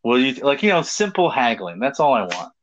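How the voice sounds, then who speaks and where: A man with a medium-pitched voice co-hosts a podcast-style talk show, speaking a little fast with big pitch swings. Slight background noise sits under a dull lo-fi recording. He chats and tells stories with animation, laughing, cursing and performing quotes.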